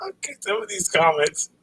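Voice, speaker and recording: A man's voice: mid-range voice, creaky, a bit bright, slight background noise, low-quality recording. A man hosting a casual livestream, reading out dad jokes and cracking himself up with laughter. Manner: giggly, breaks into laughter at own jokes. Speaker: livestream host.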